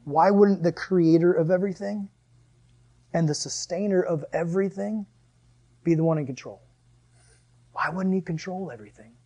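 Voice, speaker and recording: A man preaching a sermon as a pastor, animated and joking, often laughing between points. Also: high-pitched, moderate pace, long pauses.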